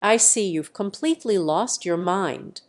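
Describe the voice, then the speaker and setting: A woman's voice: mid-range voice, animated, a little slow, lightly acted. A woman voicing an arrogant, mocking young man in an audio story, in a plain reading voice. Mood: taunting. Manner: mocking, taunting.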